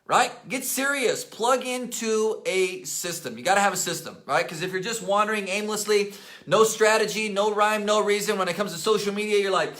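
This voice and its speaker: Seated at his office desk, a man who coaches network marketing delivers a motivational talk straight to camera. His voice is high and a bit hoarse, and he speaks with energetic emphasis, going over key points again and slipping "right?" and "okay?" between phrases. There's a roomy echo on the recording.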